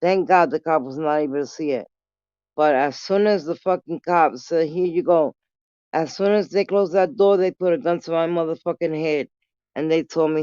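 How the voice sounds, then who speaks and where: A woman's voice: low-pitched, normal speed, darkish tone, clear, resonant tone, no echo, dull audio. Profane New woman spinning a story. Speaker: vlogger. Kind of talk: casual storytelling.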